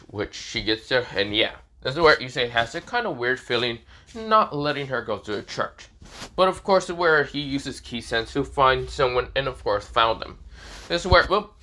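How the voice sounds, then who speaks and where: Young guy rambling thru a fan story, bright voice, lots of fillers, voice jumps up a lot. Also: slight background noise. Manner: rambling, many fillers, rises in pitch often. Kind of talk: improvised fan-fiction narration.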